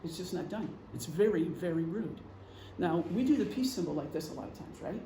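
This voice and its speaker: A man's voice: fairly high pitch, animated, brisk, creaky, warm tone. A middle-aged man giving an informal presentation to a group, talking conversationally with examples and frequent ums. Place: meeting room. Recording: echoey room, faint hum.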